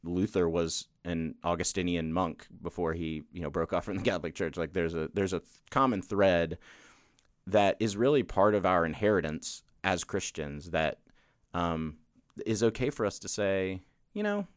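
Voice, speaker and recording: Male co-host, very deep and smooth, dry close sound, agreeable and thoughtful. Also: lively intonation, moderate pace, no echo. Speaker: podcast co-host. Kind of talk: casual podcast discussion.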